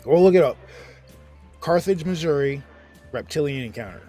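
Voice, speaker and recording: A man's voice: a little high, expressive, moderate pace, warm tone, faint music behind. A man with a New York accent hosting a casual chat, telling a long story with restarts and cursing. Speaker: host.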